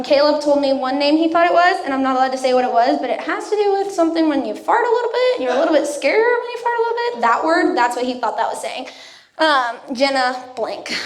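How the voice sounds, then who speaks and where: A young woman giving a youth sermon, telling a personal story in a casual way and acting out what people said. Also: high voice. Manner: casual storytelling, acts out quotes. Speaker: youth speaker. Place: church youth room. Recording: echoey room.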